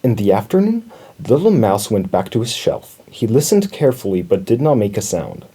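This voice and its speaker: A man reading a children's storybook aloud in an expressive storytelling manner. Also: lowish voice, moderate pace, husky. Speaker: storybook reader.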